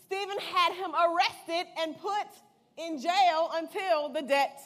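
High-voiced woman preaching casually. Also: slow, fairly bright tone. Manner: playful, retells scripture in slang. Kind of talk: casual sermon with Bible reading.

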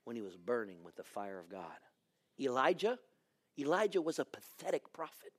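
A middle-aged man, a pastor, preaching a sermon and swinging from hushed lines to shouting. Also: mid-range voice, sing-song, normal speed.

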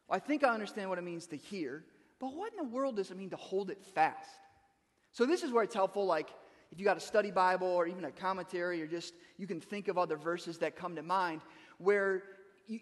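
A man's voice: high-pitched, big-room sound. A man preaching a sermon as pastor, talking conversationally and repeating words as he starts a thought.

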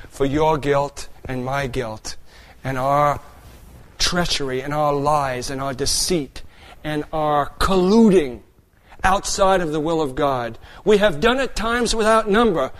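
High-voiced man preaching a sermon. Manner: earnest preaching, swinging between raised and hushed delivery. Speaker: pastor.

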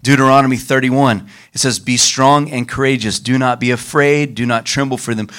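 A man's voice: medium pitch, steady tone, normal speed, a bit bright. Man preaching a sermon. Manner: leads the congregation in call-and-response, varies his pace for emphasis. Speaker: pastor.

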